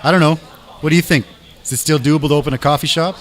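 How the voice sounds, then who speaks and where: A man talking as a guest in a casual chat, a lively storyteller who acts out dialogue and drops in "man" and "dude". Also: a little high, very fast. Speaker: guest musician and restaurant owner.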